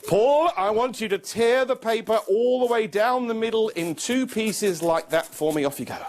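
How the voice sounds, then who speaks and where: A man's voice: high voice, normal speed, heavy background noise. A man performing a children's magic show, coaxing a young volunteer with playful, mock-confused patter.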